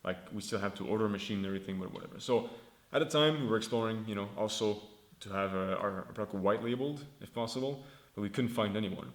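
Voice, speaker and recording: Twenties man, founder vlogging; loose, profane storyteller, lowish voice, roomy echo. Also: fast. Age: 20s. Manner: rambling, swears freely, acts out dialogue. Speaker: founder vlogging his startup. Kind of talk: casual storytelling.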